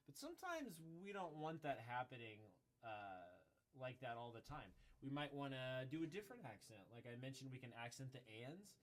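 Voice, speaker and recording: A man giving a casual drum lesson, explaining in a relaxed way with some self-corrections. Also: medium pitch, normal speed. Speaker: drum teacher. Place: music school room. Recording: voice between loud drum playing. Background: drum kit playing.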